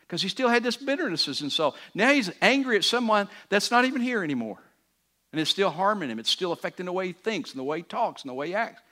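A man's voice: fairly high pitch, lively intonation, moderate pace, bright, forceful tone. A man pastor preaching a sermon in an earnest, conversational way, often restarting phrases and building to emphatic peaks.

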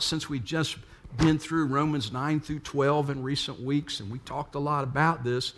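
A man preaching a sermon, full of rhetorical questions to the congregation. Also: fairly high pitch. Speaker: pastor.

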